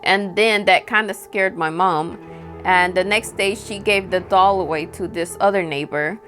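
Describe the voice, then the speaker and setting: A woman's voice: on the low side, a little slow, a bit bright. A woman telling a personal ghost story in a casual storytime vlog, chatty and full of "like", with faint music underneath. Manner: chatty, peppered with "like" and acted-out quotes. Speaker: storytime vlogger.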